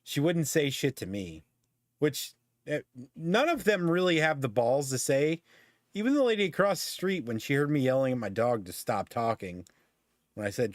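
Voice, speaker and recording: A man's voice: mid-range voice, very animated, moderate pace, no echo, studio quality. A middle-aged man telling a story in casual chat, swearing freely and ranting as he goes. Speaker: podcast host.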